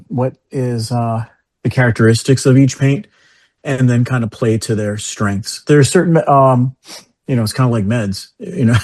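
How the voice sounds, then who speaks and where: A man's voice: mid-range voice, darkish tone. Rambling New York man. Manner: meandering, self-correcting, enthusiastic. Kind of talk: casual chat.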